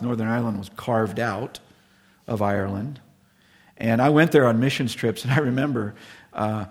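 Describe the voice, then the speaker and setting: A middle-aged man preaching a sermon as pastor, earnest and sometimes dropping to a hushed, solemn tone. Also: medium pitch, gravelly, husky, big-room sound.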